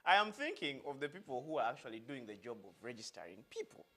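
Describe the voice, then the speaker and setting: A man's voice: mid-range voice, very animated, fast, pushed and bright. A man with a Ugandan accent, hosting a satirical news segment with sarcastic, mock-serious delivery. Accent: Ugandan English.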